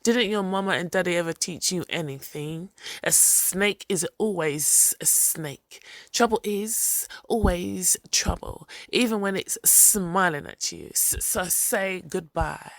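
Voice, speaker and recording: A woman voicing a sly, smug male snake in a told folktale, speaking slowly with a hiss. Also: on the low side, animated, vocal fry, no room sound, exaggerated voice. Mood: menacing. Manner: slow, drawn-out hissing delivery.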